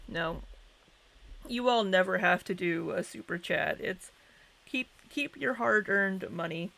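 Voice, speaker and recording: A woman's voice: mid-range voice, measured pace, vocal fry, a bit bright. A young woman hosting a casual livestream, chatting and greeting viewers by name. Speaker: livestream host.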